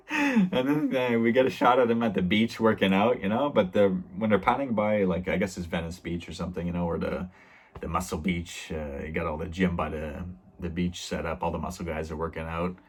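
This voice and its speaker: A man with a low voice talks through a plot recap in a loose, rambling way. He leans on fillers and slips into quoted lines without changing his voice. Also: a little fast, slightly rough. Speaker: review channel host. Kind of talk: casual episode recap.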